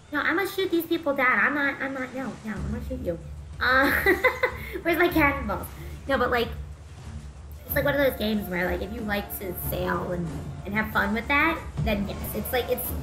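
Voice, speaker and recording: A young woman talks through her gameplay in a lively voice that sits a little high and swings up and down. She rambles, then breaks into shouts and laughter. The recording sounds roomy, with loud game music underneath. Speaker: VTuber gameplay host. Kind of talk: casual gameplay commentary.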